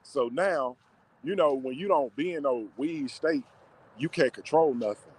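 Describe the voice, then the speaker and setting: A man telling a personal story to camera in a slangy, emotional, drawn-out way. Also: medium pitch, husky, poor audio.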